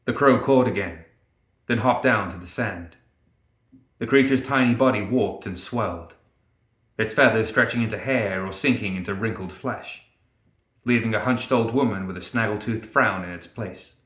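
Low-voiced male story narrator. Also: normal speed, echoey room. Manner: steady, dramatic storytelling. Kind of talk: scripted narration.

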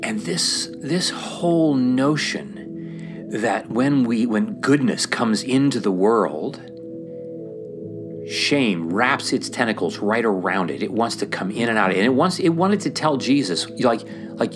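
A man talking about faith in a casual, animated way, often acting out the voices he quotes and using fillers like "like". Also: mid-range voice, a little slow, music in the background. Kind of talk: casual sermon-style chat.

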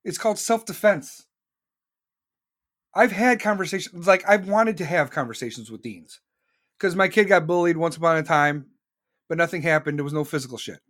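A man's voice: fairly high pitch, animated, moderate pace, long pauses, a bit bright. A man hosting a podcast, ranting in a blunt, profane monologue and repeating lines for emphasis. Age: adult with children. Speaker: podcast host.

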